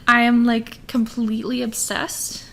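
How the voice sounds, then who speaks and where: A young woman co-hosting a podcast in casual chat, bubbly and excitable, with quick reactions. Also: fairly high pitch, creaky. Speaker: podcast co-host.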